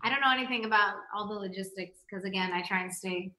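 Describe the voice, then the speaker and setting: A woman's voice: medium pitch, quick pace, sharp tone, roomy sound, rough recording. A young woman from the US, a pop singer being interviewed, chatting in a bubbly, giggly, rambling way from home. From United States. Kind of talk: casual interview chat. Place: home, remote call.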